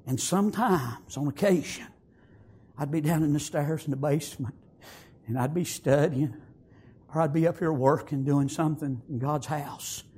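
A man preaching an emotional funeral sermon in a church, repeating himself and halting, then swelling into tearful, emphatic exclamations. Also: fairly high pitch, darkish tone, slightly rough. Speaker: pastor at a memorial service. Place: church sanctuary.

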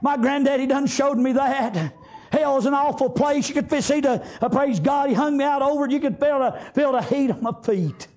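Preacher man, very high voice, fervent chanting sermon, shouting bursts. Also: moderate pace.

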